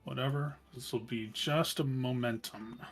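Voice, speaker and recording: A man running a tabletop game as game master, unhurried and pausing often between thoughts. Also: mid-range voice, steady tone. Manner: unhurried, with many ums and pauses.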